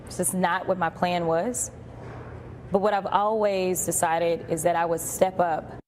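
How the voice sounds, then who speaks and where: A woman politician giving an earnest, measured public speech. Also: lowish voice, steady tone, a little mellow, slight background noise.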